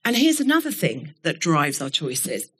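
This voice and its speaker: A middle-aged woman giving a keynote talk to a live audience, telling stories in a candid, animated way and swearing now and then. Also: low voice, normal speed, slightly rough. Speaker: keynote speaker. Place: event studio before an audience.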